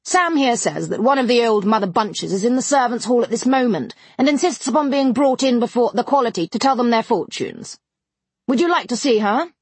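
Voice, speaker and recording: A woman voicing a hearty, jovial male colonel with an animated delivery. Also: on the high side, brisk, breathy edge, no room sound, voice pushed up. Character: jovial middle-aged male colonel, lively.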